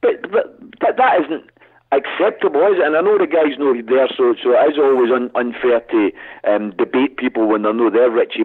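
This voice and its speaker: A man's voice: fairly high pitch, breathy edge. A Scottish man arguing politics with passion and emphasis as a radio guest, speaking over the phone. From Scotland. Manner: impassioned, emphatic, calls host mate. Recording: tinny phone line.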